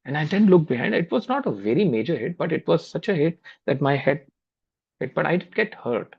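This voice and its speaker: A man's voice: fairly high pitch, sing-song, fairly quick, gravelly, breathy edge. Man with Indian accent, dull video call. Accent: Indian English. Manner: anecdotal, repeats words, conversational. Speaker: spiritual class speaker. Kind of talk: storytelling in a spiritual talk.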